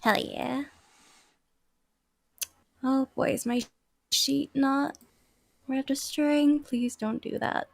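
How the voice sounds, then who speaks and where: A woman's voice: high voice, steady tone, takes it slowly, vocal fry, long pauses, no room sound. A woman playing a tabletop game, eager and upbeat as she describes her character's actions. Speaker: player.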